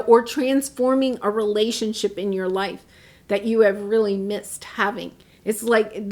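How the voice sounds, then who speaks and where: A woman reads tarot cards for her viewers, her voice sitting a little high. She speaks earnestly and with feeling, often restarting her sentences and dropping into soft asides. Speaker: tarot reader. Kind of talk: tarot reading to camera.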